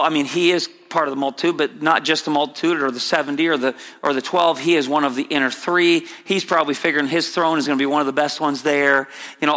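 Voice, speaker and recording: Bright-voiced preacher in a reverberant hall. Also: male voice, a little high. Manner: conversational, repetitive, with restarts. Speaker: pastor. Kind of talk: sermon.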